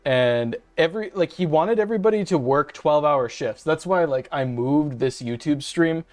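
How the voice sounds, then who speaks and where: This is casual livestream ranting from a young host who describes himself as a femboy. His medium-pitched, darkish voice is expressive and moves at a moderate pace as he swears, rambles, and vents to viewers through a home webcam and desk mic.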